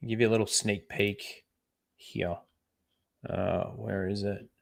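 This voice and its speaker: A man's voice: on the low side, fairly even intonation, slow pace, creaky. A man hosting his own channel, chatting casually and reacting to trailers, rambling with fillers and the odd swear word. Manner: rambling, swears freely, many fillers and asides. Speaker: channel host. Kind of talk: casual reaction commentary on a livestream.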